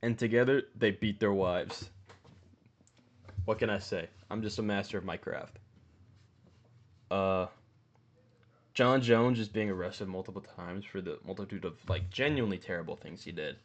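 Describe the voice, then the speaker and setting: A man's voice: moderate pace, long pauses. Rambling, profane young man. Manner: rambling, swearing, jumps up in pitch for emphasis. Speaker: mma commentary host. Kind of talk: casual profane ranking commentary.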